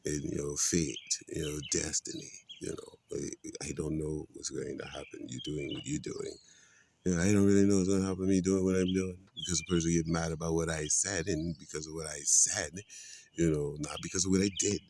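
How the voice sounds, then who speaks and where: A man's voice: very deep voice, level tone, a little fast, gravelly, a little mellow, slight background noise. A man, filled with "you know" and quoting scripture like a street preacher. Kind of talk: casual spoken monologue.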